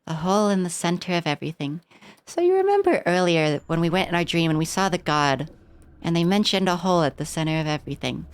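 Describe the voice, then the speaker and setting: A woman's voice: on the low side, very animated, fast, clean tone. A young woman streaming a game, casually reading its dialogue aloud and swearing freely.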